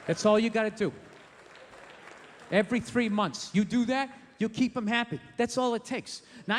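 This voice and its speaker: A man doing a stand-up comedy rant, profane and bursting into shouts. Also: extremely high pitch, big-room sound, slight background noise.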